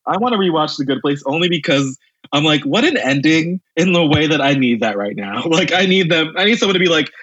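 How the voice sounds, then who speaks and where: A man's voice: fairly high pitch, animated, fast talker, fairly bright tone, slightly rough, dry recording, highs cut off. A man, a returning podcast guest, chatting casually and animatedly, often laughing. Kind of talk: casual chat.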